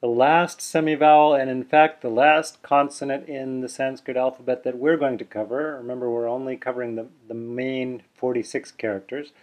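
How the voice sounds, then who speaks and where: On a video, a man teaching pronunciation patiently explains and demonstrates sounds out loud, now and then correcting himself in a casual, chatty way. His medium-pitched voice barely moves in pitch, and he speaks at a moderate pace with few pauses. It was picked up by a visible camera mic, giving dull, lo-fi video audio.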